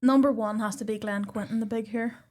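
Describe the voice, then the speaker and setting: A woman's voice: a little high, steady tone, brisk, darkish tone. A woman co-hosting a casual film review chat, hesitant, with stammering restarts. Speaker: podcast co-host.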